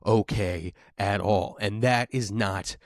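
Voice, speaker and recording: A man's voice: on the low side, slow pace, dry recording, clean studio sound. A man in his thirties hosting a podcast, doing a stand-up comedy monologue with exasperated, self-mocking rants. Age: 30s. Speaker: podcast host.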